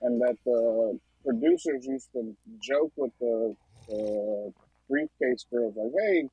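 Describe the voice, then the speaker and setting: Raspy, gravelly man with dry asides. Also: medium pitch, very animated, takes it slowly, dark tone, no echo, muffled recording. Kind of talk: casual radio banter.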